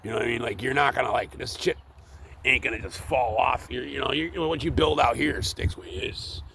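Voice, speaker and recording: Working up in a tree outside, a man vlogs a rambling, profane monologue packed with fillers. He talks at a brisk pace in a medium-pitched, gravelly voice with a sharp tone, and a little hiss or hum can be heard.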